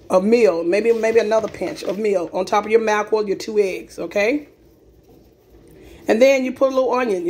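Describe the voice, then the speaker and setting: A woman with a medium-pitched, slightly mellow voice, with a little hiss or hum on the audio, hosts a casual cooking demonstration in her home kitchen. She's chatty, repeats herself, and tosses in plenty of "okay?" asides.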